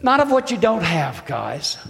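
High-voiced impassioned preacher in echoing hall. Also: male voice, wildly swooping pitch, measured pace, creaky. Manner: impassioned, rising to shouts then dropping to a hush. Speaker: pastor. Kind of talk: sermon. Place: church sanctuary. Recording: echoey hall with long reverb.

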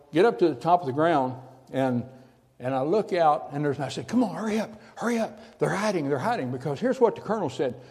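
Older man telling a dramatic story, mellow voice, long hall reverb. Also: mid-range voice. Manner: drops from loud to hushed near-whisper for effect. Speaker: speaker giving a testimony. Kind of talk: dramatic personal storytelling to an audience.

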